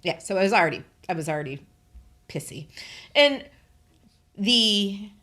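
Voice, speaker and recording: A woman co-hosting a podcast, telling a story in an animated, exasperated way with bursts of laughter. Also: mid-range voice, a little slow. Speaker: podcast co-host. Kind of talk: casual chat.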